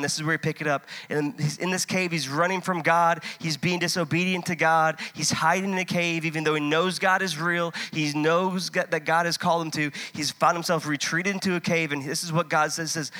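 A man preaching a sermon, impassioned and conversational, swinging from loud urging to hushed storytelling. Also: on the high side. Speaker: pastor.

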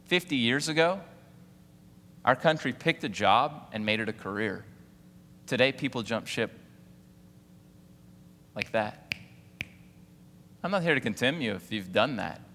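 A male pastor in his forties delivers a sermon, peppering the congregation with rhetorical questions and asking them to repeat after him. His voice is bright and forceful. A long reverb trails after each phrase, as in a large church hall. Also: mid-range voice, lively intonation, unhurried, long pauses, a little hiss or hum. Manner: preaching with rhetorical questions and call-outs to the congregation.

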